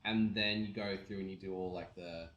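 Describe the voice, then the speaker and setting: An Australian man hosting a relaxed, joking chat while tattooing a client, swearing freely. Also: deep voice, normal speed, reverberant, lo-fi sound. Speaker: tattoo artist and podcast host.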